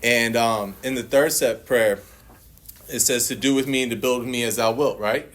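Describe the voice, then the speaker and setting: A man's voice: mid-range voice, fairly even intonation, moderate pace, fairly bright tone. A man speaking at a recovery meeting, sharing his personal testimony in a blunt, profane, storytelling way and acting out other people's lines.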